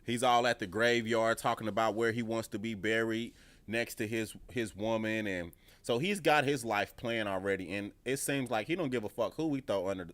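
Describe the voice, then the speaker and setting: A man's voice: fairly low pitch, fairly bright tone. A man giving a casual reaction review of a TV episode, profane and emphatic, often repeating his points. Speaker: TV show reviewer.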